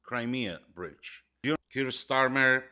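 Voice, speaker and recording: Man, political commentary monologue, forceful bright tone, emphatic, punches single words, broken English phrasing. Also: mid-range voice, very slow.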